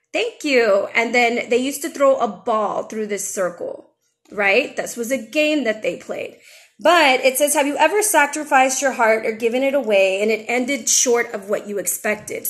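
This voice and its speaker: A woman's voice: fairly high pitch, a bit bright. Chatty woman reading tarot. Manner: chatty, emotional, frank with occasional swearing. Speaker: tarot reader and channel host. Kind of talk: casual spiritual chat with tarot reading.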